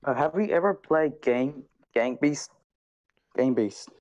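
Man, caller on phone, halting and unsure, mid-pitched voice, muffled lo-fi audio. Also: animated, darkish tone, no room sound. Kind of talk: phoning in to a livestream.

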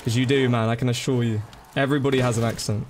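A man's voice: mid-range voice, steady tone, quick pace. Guy streaming, chatty, calls everyone bro, game music faint behind. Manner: chatty, thanks viewers by name, calls them bro and dude. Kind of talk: casual live-stream gaming commentary.

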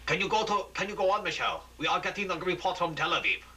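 A man voicing a hurried, insistent male TV producer in an amateur radio play. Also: high-pitched, animated, bright, forceful tone, voice pushed up.

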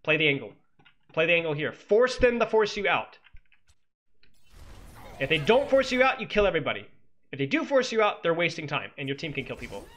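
A man coaching as he analyzes a match replay, animated and exclamatory, often talking straight to his viewers. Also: fairly high pitch, a little fast, pauses often. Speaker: esports coach. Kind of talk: game replay analysis commentary.

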